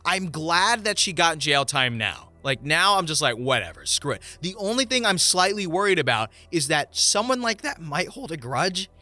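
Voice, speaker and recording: A man, a voice actor, reading a story aloud in first person and adding expressive commentary. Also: a little high, normal speed, hardly any pauses, no room sound.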